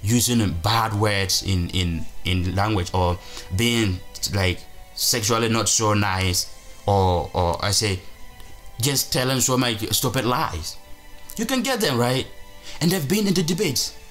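A man's voice: fairly low pitch, expressive, unhurried, fairly bright tone. Male vlog host, casual commentary, emphatic and rambling, faint music underneath. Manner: rambling, emphatic, frequent restarts. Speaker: channel host.

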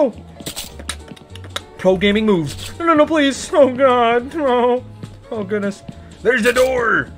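A gruff, greedy old crab boss with salty, pirate-like growls and a high, bright voice that swoops wildly up and down. He narrates a video game in character and yells frantically, and faint music plays underneath. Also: full character voice. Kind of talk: in-character gaming commentary.

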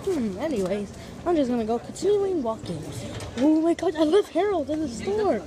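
Woman vlogger, higher voice, chatty walk-and-talk outdoors, fond of fancy words. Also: very animated, moderate pace, crowd noise. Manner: chatty, piles on big vocabulary words; talks to viewers while walking. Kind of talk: casual walking vlog. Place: outdoors on streets and in a park.

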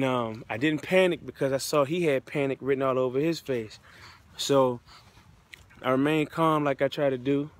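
A man speaker telling his own testimony in a casual, heartfelt way, with loose slang. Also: mid-range voice. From United States. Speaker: motivational speaker. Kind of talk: personal testimony storytelling.

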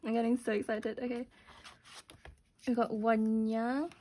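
A young woman doing casual unboxing commentary, gushing and gasping with excitement over what she pulls. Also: fairly high pitch, measured pace. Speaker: unboxing vlogger.

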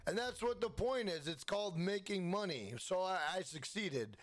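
A man hosting a gaming livestream, giving hyped, rapid shout-outs to his chat. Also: sits high, lively intonation.

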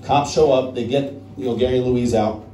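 Soft music plays beneath a medium-pitched, dark-toned male voice that's steady and brisk. This Netherlands-born comedian with an American accent tells a long, conversational story on stage, often adding "right?", recorded from far off in an echoey room as the audience laughs.

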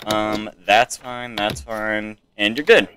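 A young man chats his way through a video game, reading on-screen text aloud and tossing in playful asides. His voice sits fairly low but cuts bright and forward. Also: steady tone, takes it slowly, slight background noise. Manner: reads game text aloud, chatty asides, jokey accents. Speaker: gamer playing through a game. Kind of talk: casual game playthrough commentary.

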